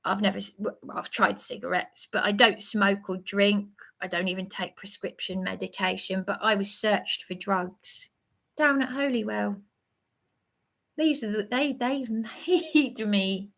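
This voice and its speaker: Agitated middle-aged woman from England on a livestream, slow and rambling with many restarts. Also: medium pitch, gravelly, fairly bright tone. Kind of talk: emotional livestream monologue.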